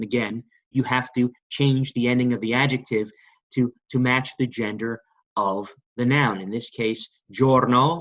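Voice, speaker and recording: A male language teacher at an ordinary middle pitch who coaxes his listeners along, repeating words and asking them to say them with him. He keeps checking in with short prompts between examples. The recording sounds dull and lo-fi. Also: fairly bright tone. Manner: coaxing, repetitive, asks the class to repeat. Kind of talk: classroom-style lesson.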